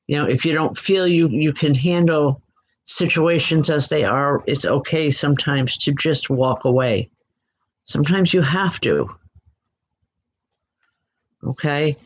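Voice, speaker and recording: A woman giving live online psychic readings in a gentle, reassuring way, often pausing and restarting her sentences. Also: sits low, low-quality recording. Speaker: psychic medium. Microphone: computer mic.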